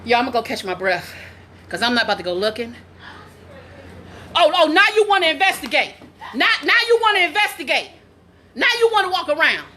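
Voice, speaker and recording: Woman, 40s, home vlogger. Bright, lively, animated delivery with loud exclamations. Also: sits high, a little fast, long pauses, a little hiss or hum. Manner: excitable, loud exclamations, laughing and cursing. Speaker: vlogger and mother. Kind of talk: casual vlog. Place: at home, indoors.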